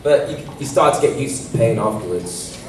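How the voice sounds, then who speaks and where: A man on a convention panel, answering in a relaxed, enthusiastic way. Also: medium pitch, fairly quick. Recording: echoey hall from far off, noisy.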